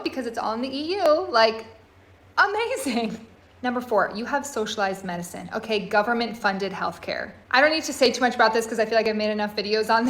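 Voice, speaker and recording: A woman from the United States talking straight to camera in a casual, emphatic monologue, full of "like". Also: fairly high pitch. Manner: emphatic, animated, lots of "like". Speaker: content creator living abroad.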